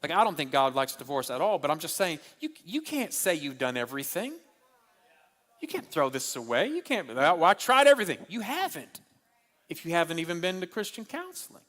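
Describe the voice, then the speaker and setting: A man preaching at a marriage conference, animated and humorous, repeating his key lines for the crowd. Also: a little high, brisk. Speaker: pastor. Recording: long hall reverb.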